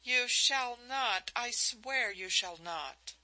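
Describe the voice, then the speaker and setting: A woman reading the part of a lovestruck young man who speaks softly and earnestly. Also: lowish voice, slow, full character voice, low-quality recording. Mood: vehement. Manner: soft, earnest pleading.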